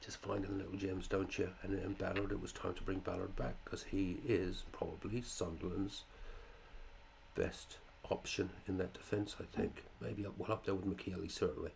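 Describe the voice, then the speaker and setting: A man's voice: deep voice, little pitch movement, normal speed, creaky, darkish tone, a little hiss or hum. A male fantasy football podcast host in casual chat, running through listeners' teams, chatty, with muttered asides and casual swearing.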